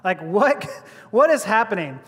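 A man's voice: high voice, sing-song, unhurried. A male preacher giving a sermon, joking and laughing as he talks, often restarting his words. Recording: long reverb of a large hall.

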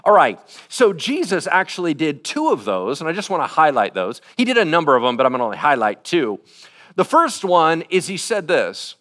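A man's voice: a little high, huge pitch swings, fairly quick, a bit bright. A middle-aged man preaching a casual, conversational sermon, acting out quotes as he goes. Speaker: pastor.

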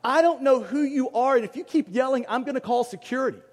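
A man's voice: very high-pitched, quick pace, long reverb tail. A man voicing a flustered male college professor who stammers and hesitates. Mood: irritated.

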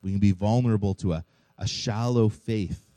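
Casting: male pastor, earnest sermon delivery, low voice, very warm and mellow tone. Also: steady tone, moderate pace, no room sound, rough recording. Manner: earnest preaching with rhetorical questions.

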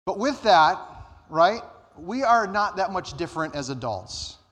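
A man preaching a sermon as pastor, earnest, rising and slowing down to stress his points. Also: sing-song, fairly bright tone. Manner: earnest, rises in pitch and slows down for emphasis. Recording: church hall reverb.

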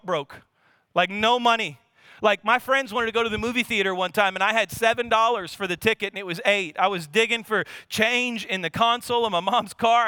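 A man in his thirties from Louisiana with a Louisiana accent, preaching a lively sermon as a pastor, full of repetition and rhetorical questions. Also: extremely high pitch, clear, resonant tone, dry recording, clean studio sound.

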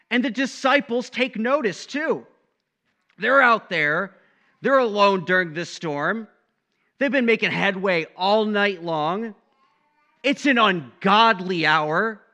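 A young male pastor delivers his sermon in a casual, animated way, peppering it with "right?" asides. His voice sits a little high and rings bright and forward. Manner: animated, conversational preaching with frequent "right?" asides.

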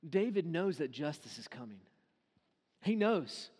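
Animated high-voiced man preaching in a hall. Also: unhurried, long pauses, slightly rough. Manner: animated storytelling, acts out quoted lines in casual speech. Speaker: pastor. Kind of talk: sermon. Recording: long hall reverb.

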